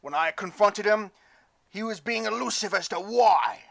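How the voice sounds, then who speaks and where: A man voicing a drunk, angry man who shouts an accusation in a slurred voice. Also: high-pitched, expressive, normal speed, creaky, no room sound, voice pushed up, exaggerated voice. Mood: drunk accusing.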